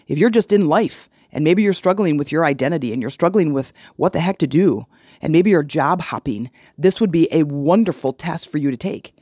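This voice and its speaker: A podcast host talking solo tells stories in a casual, frank and animated way, leaning on analogies. The voice is mid-range, and the sound is clean studio audio with no echo.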